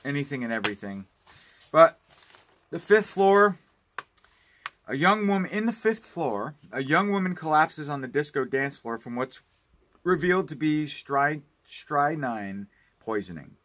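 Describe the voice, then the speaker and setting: A man's voice: a little high, big pitch swings, unhurried, a bit bright. A man giving a casual unboxing review of home video releases, rambling and ranting with plenty of swearing. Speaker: home video collector vlogger.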